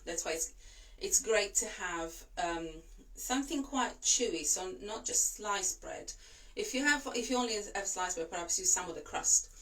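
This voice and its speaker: A woman, a voice and breathing coach whose first language is not English, giving calm, reassuring instructions and demonstrating slow breaths. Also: medium pitch, distant mic. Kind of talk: instructional talk to camera.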